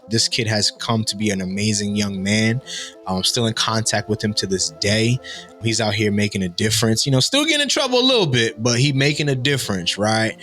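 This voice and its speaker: A young man in his twenties with a fairly low voice tells a personal testimony. He is animated, acting out every line of dialogue. Soft music plays faintly underneath. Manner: animated storytelling, acting out dialogue with big pitch jumps. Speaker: guest storyteller. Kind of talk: testimony story.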